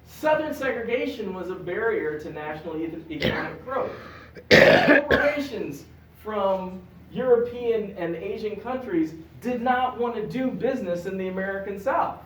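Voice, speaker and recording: Animated guy lecturing a crowd at the library, kinda high voice, echoey room. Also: normal speed. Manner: animated, jokes with the audience. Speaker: guest lecturer. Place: public library meeting room. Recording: echoey room, recorded from a distance.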